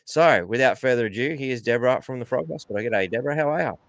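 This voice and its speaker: A man's voice: medium pitch, lively intonation, fast talker, no echo. A man with an Australian accent hosting a casual livestream, rambling and greeting viewers in the chat. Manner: rambling, reads out viewer comments, says g'day and mate. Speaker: livestream host.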